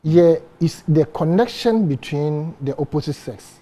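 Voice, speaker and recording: A man's voice: on the high side, lively intonation, unhurried, mellow. A man with a Ghanaian English accent on a morning show panel, speaking earnestly and using himself as an example. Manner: earnest, uses personal examples. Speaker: studio guest.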